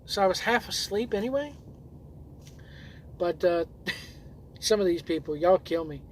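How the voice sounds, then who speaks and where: A man's voice: high-pitched, animated, unhurried, slight background noise. A man who drives trucks and hosts his own videos, reading viewer comments aloud in a loose, rambling way with lots of fillers and restarts.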